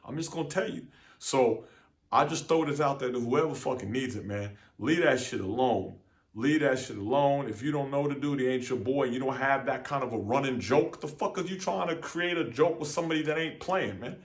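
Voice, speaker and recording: A man's voice: medium pitch, brisk. A young man talking straight to camera in a casual, profane monologue, venting with lots of repeats and fillers. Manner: animated, profane street talk, repeats "man". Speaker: vlogger.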